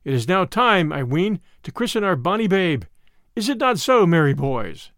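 A man's voice: high voice, big pitch swings, moderate pace, fairly bright tone, dry recording, studio quality, exaggerated voice. A man voicing a joking outlaw who loves a jest, teasing in old-fashioned formal speech for a storybook reading.

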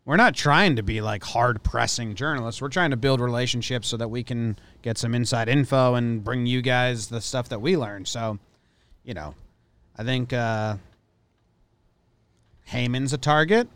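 A man co-hosting a casual sports podcast, telling stories quickly and loosely, with lots of "like". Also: medium pitch, a bit bright, clear, resonant tone. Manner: quick, loose storytelling with many likes. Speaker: podcast co-host.

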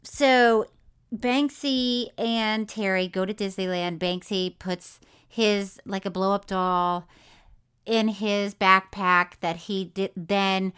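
A woman's voice: medium pitch, fairly even intonation, takes it slowly, fairly bright tone, clean tone. A woman co-hosting a podcast, telling a film's story in casual chat and acting out the quotes, laughing often. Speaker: podcast co-host.

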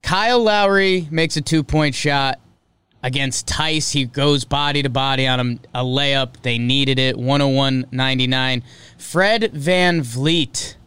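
A young man hosting a casual sports talk livestream, chatty and joking, with sudden energetic bursts. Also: mid-range voice, unhurried, clear, resonant tone, dry recording. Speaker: sports show host.

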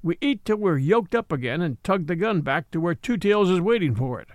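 A stolid young army mule who states things plainly, as if they were simple facts. A man gives him a fairly high voice with lively rises and falls. The sound is dry and up close. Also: a little fast, no room sound. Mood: matter-of-fact. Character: young male gun mule, stolid and matter-of-fact.

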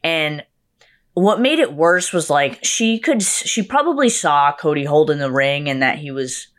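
A young woman telling a story in casual chat, acting out what others said. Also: a little slow. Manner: animated, acts out quotes with big pitch jumps. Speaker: guest.

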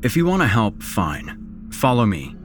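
A man's voice: lowish voice, huge pitch swings, moderate pace. A man voicing an alarmed male tavern worker who speaks with urgency over faint music. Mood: urgent.

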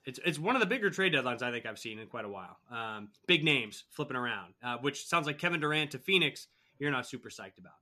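Bright-toned podcast host. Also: male voice, medium pitch, big pitch swings, quick pace, hardly any pauses. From Boston area. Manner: loose, filler-heavy, trails off softly. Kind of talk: scripted intro then casual interview chat.

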